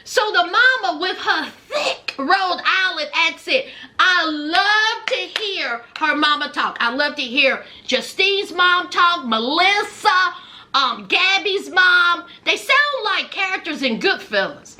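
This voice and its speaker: A woman gossips her way through a reality show recap, laughing often and calling her listeners honey. Her voice is very high and bright, with lively swings in pitch. She takes her time. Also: takes it slowly. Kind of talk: casual commentary.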